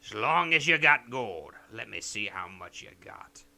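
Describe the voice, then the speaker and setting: A man's voice: fairly low pitch, sing-song, a little slow, gravelly, bright, forceful tone, full character voice. A man voicing a drunken, greedy pirate captain in a video game, slurring his words in a drawling pirate manner. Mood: gruff.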